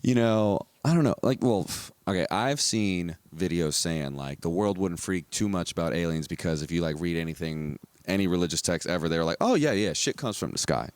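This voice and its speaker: Young male podcast host, deep voice, casual and giggly, slightly drunk, dry sound. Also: fairly quick, hardly any pauses, clean tone, no room sound. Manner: laughs often, excitable, swears casually. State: out of breath, tipsy. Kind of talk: casual chat.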